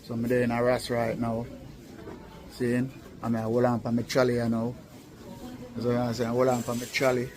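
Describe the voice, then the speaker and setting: A man, vlogging casually from inside a store, chatty and relaxed. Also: mid-range voice, normal speed, pauses often, noisy background. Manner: laid-back, chatty, asks viewers for agreement. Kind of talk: casual street vlog.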